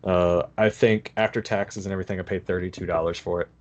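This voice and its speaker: A man's voice: low voice, fairly even intonation, fast, highs cut off. A man hosting a casual podcast chat, easygoing and chatty, laughing along with friends.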